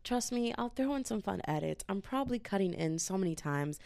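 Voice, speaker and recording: A woman's voice: mid-range voice, animated, brisk, creaky, loud music behind the voice. A woman hosting a solo podcast, ranting in a slangy, exasperated casual way into a podcast mic. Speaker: podcast host.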